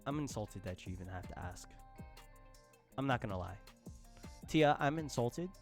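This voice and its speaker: A man streaming live, chatting casually with his viewers, laughing often and breaking into loud outbursts. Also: medium pitch, expressive, moderate pace, faint music behind. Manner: addresses chat as y'all, slangy.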